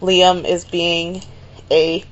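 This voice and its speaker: A woman's voice: lowish voice, level tone, extremely slow, lo-fi sound. A young woman from Canada co-hosting a casual podcast chat, giggly and chatty with plenty of filler words. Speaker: podcast co-host.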